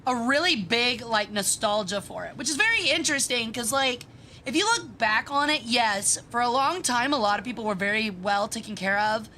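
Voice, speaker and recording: A woman streaming a game with casual commentary. She sounds bratty, swears freely and reacts fast. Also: on the high side, lively intonation, bright, forceful tone, a little hiss or hum.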